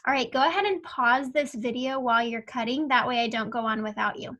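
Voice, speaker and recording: A young woman teaching an online phonics lesson to young children, patient and clear as she sounds out words and spells letters one at a time. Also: on the high side, brisk, bright, forceful tone. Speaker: kindergarten teacher.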